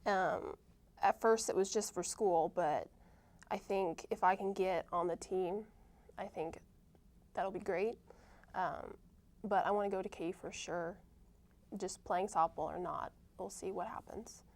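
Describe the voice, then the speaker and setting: A young woman, a college softball player, answering interview questions casually, often pausing with ums and starting sentences over. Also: medium pitch, fairly even intonation. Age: young adult. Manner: hesitant, many ums and restarts.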